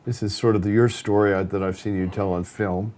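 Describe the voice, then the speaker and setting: A man interviewing a guest in a soft, gentle way. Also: on the low side, fairly even intonation, fairly quick.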